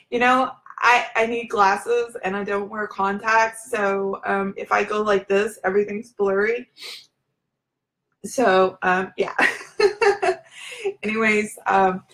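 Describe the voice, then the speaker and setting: In a live video, a woman with a fairly high, fairly bright voice talks candidly and confessionally to her viewers. She speaks as a spiritual self-help speaker, informally and directly, with many fillers and restarts, and the recording is rough.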